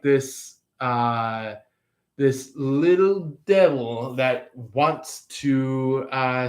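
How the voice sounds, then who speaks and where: A man's voice: medium pitch, fairly bright tone. A man giving a casual tarot reading, rambling with many fillers and restarts. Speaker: tarot reader.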